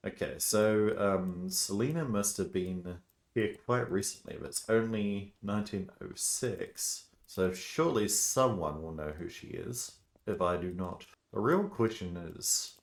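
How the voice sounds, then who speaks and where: A man casually playing a detective game, reading text aloud and thinking out loud with frequent hesitations. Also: low-pitched, lively intonation, unhurried. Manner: hesitant, lots of ums. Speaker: gameplay narrator.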